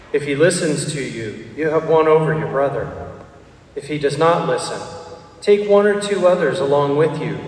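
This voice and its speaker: A man reading the gospel at Mass in a measured, formal manner. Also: a little high, slight background noise. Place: church. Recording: distant mic in echoey church.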